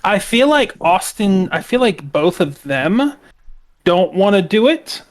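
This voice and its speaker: Hesitant young man, slightly high voice. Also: big pitch swings, slow. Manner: loose, hesitant, full of fillers. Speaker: podcast co-host. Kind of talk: casual chat.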